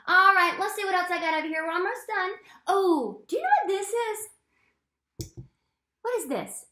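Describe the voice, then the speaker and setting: A woman's voice: high-pitched, big pitch swings, measured pace, pushed and bright, echoey room. A woman teaching a phonics lesson to young children from home, encouraging and full of questions to the viewer.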